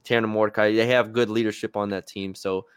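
Male podcast co-host, low smooth voice, dry close studio sound, casual sports chat. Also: a little fast, no echo. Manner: relaxed, hedging with fillers and restarts.

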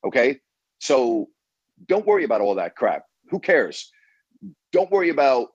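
A man's voice: medium pitch, sing-song, a little slow, long pauses, slightly rough, no echo, highs cut off. A man hosting a call-in sports radio show, blunt and emphatic, who keeps repeating himself to press his point.

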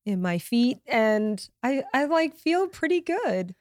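A woman's voice: fairly high pitch, sing-song, slow pace, darkish tone, dry recording, clean studio sound. A middle-aged woman from Louisiana, a podcast guest, speaking openly and reflectively. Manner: open, emotional, reflective. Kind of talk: casual interview chat.

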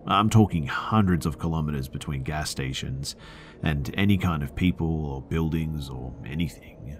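A man's voice: a bass voice, moderate pace, slight background noise. A man hosting a podcast, reading listener horror stories aloud in a dramatic scripted narration that sometimes drops to a whisper.

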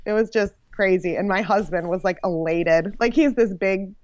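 A young woman telling her birth story in a casual, animated way, full of "like" and laughs. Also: medium pitch, moderate pace, no room sound, muffled recording. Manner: animated, frequent "like" fillers and laughs. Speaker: podcast guest sharing her birth story.

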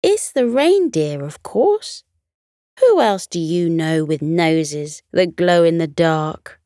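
A woman's voice: low voice, very animated, slow, dry recording, heavily acted. A woman voicing a matter-of-fact Christmas elf in a bedtime story, in a voice close to her own.

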